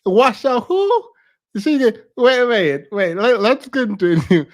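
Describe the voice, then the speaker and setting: Brief: American male commentary host, high voice, hoarse from overuse, incredulous and laughing often. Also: animated, a little slow. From United States. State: losing his voice. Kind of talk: reaction commentary.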